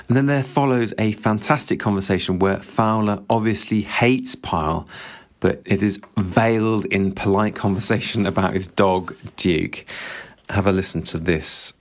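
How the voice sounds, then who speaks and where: Deep-voiced man discussing a novel. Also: normal speed. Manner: engaged, analytical, reads with relish. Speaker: book reviewer. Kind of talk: book discussion with read-aloud quotes.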